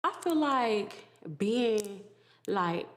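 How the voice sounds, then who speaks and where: A woman's voice: mid-range voice, expressive, extremely slow, a little hiss or hum. A woman in an interview clip, speaking brashly and explicitly in slangy casual talk.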